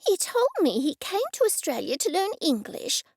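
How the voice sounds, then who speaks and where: A woman's voice: huge pitch swings, moderate pace, a little mellow, dry recording, clean studio sound, full character voice. A woman voicing an eccentric, snappy older lady who will brook no argument. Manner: shrill, snappy, insistent.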